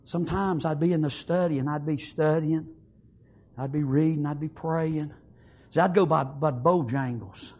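A man preaching an emotional funeral sermon in a church, repeating himself and halting, then swelling into tearful, emphatic exclamations. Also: a little high, a little mellow. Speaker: pastor at a memorial service. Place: church sanctuary.

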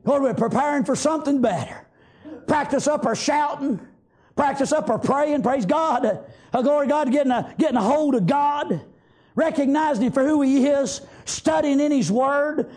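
A preacher, delivering a fervent sermon in a chanting rhythm, often breaking into shouts. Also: male voice, extremely high pitch.

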